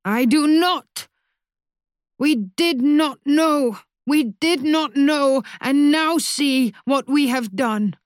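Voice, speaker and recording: A woman puts on a drunk, grief-stricken older mother in an audiobook, her voice low and thick with crying. She speaks slowly and breaks off between sobs. The sound is dry and close. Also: no room sound. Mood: wailing. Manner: sobbing, breaking off mid-sentence. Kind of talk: audiobook character voice.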